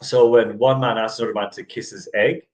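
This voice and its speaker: On a low-quality recording, a middle-aged man with a lowish, steady voice hosts a casual sports chat show at a brisk clip. His talk rambles, with plenty of restarts and easy laughs.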